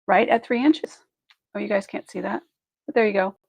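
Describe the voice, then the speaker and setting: A woman's voice: medium pitch, steady tone, normal speed, vocal fry, no room sound, low-quality recording. A woman hosting a live online jewelry sale, chatty and effusive, thinking aloud as she measures pieces and thanks buyers. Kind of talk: live shopping stream chat.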